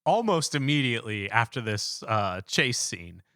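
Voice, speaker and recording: A man's voice: medium pitch, sing-song, normal speed, sharp tone, no room sound, studio quality. A man co-hosting a casual podcast in a laid-back way, laughing often between his points. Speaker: podcast co-host.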